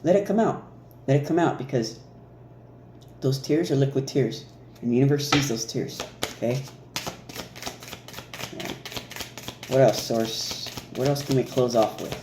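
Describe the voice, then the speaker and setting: A man giving a casual, animated spiritual card reading, laughing and mimicking reactions as he goes. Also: mid-range voice, measured pace, long pauses. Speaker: oracle card reader. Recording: echoey room with faint noise.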